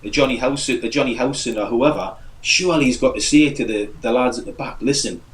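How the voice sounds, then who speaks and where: A man's voice: mid-range voice, fast talker, slight background noise, rough recording. A man guesting on a football podcast, thoughtful, with a few restarts. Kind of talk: casual football chat.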